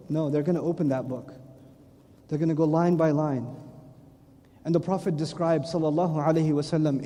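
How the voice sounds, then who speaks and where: Lecturer, male, high mellow voice, animated storyteller, echoey hall. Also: brisk. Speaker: Islamic lecturer. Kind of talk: humorous religious lecture.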